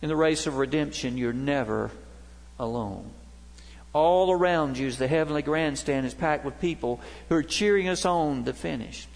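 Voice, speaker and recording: In a church sanctuary with lengthy big-hall reverb, a middle-aged male pastor preaches and tells stories, his voice lifting and falling. He speaks at normal speed in a slightly high, creaky voice.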